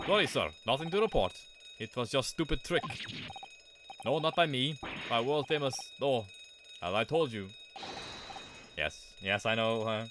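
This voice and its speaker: A man's voice: medium pitch, animated, unhurried, long pauses, background noise, lightly acted. A man voicing a burly, stubborn ship's sailor in a put-on Russian accent with blunt, broken English. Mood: defensive.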